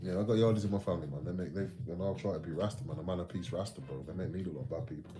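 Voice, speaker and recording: A man's voice: low-pitched, rapid-fire, low-quality recording. A man from England, bantering with viewers on a casual livestream in sweary, slangy chat. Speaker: livestream host. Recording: music playing behind the voice.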